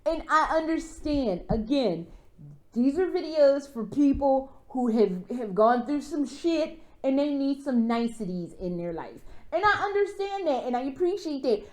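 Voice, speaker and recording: High-voiced woman ranting, profane. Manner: rambling, profane, animated ranting with many fillers. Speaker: vlogger. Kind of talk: casual rant.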